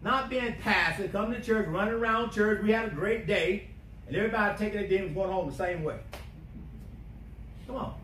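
High-voiced preacher, bright and intense. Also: male voice, brisk. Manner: emphatic, swinging from quiet to shouting. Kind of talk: sermon. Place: church sanctuary. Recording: echoey church from a distance, faint hiss.

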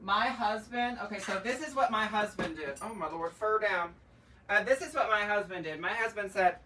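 Hosting a live luxury bag sale from an indoor shop room, a middle-aged man reads viewer comments and teases them with campy, animated sass and frequent asides. He has a high voice at normal speed, recorded from a distance with slight background noise.

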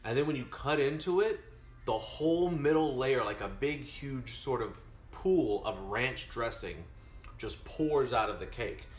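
A man chatting casually to his stream while baking, rambling and animated. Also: mid-range voice, measured pace, roomy sound, soft background music.

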